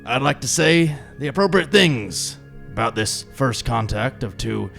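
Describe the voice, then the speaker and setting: A man playing a stern starship captain in a radio drama, speaking in a deliberate, commanding way. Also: medium pitch, lively intonation, vocal fry, fairly bright tone, soft background music, full character voice.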